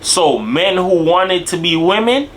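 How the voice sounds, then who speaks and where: Young man, lively up-and-down delivery, bright forceful tone, casual street-slang commentary. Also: sits high, measured pace, slight background noise. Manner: animated street-slang talk, tags lines with "bro" and "dog". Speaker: video commentator.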